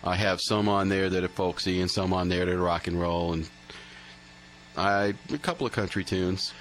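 A man with a somewhat low voice chats casually about his music, often stalling on fillers and restarting his sentences. A faint hum sits behind him. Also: fairly even intonation, moderate pace, fairly bright tone, rough recording. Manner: hesitant, many fillers and restarts. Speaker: musician guest. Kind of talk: casual interview chat.

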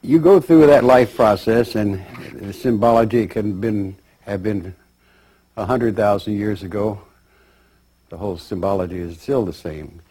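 Male lecturer, warm husky tone, lively pitch, unhurried storytelling. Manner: measured, rambling storytelling. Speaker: speaker. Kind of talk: spiritual lecture.

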